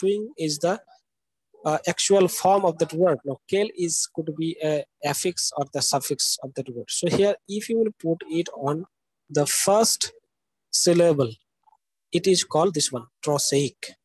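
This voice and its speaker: A man's voice: on the high side, unhurried, a little mellow, husky, no room sound, poor audio. A man giving a live university lecture. He explains step by step, keeps asking "okay?" and spells out words letter by letter. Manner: explanatory, checks understanding with frequent "okay?".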